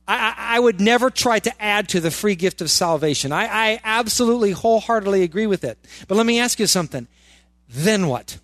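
A man's voice: sits high, lively intonation, a little fast, fairly bright tone, no echo, clean studio sound. A male pastor preaching a sermon in church, firing rhetorical questions and repeating words for emphasis.

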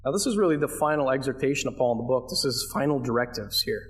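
Here a male pastor talks fast, his medium-pitched voice full of lively intonation, as he works through a sermon verse by verse. He chats with the congregation by asking them questions and stresses key phrases emphatically.

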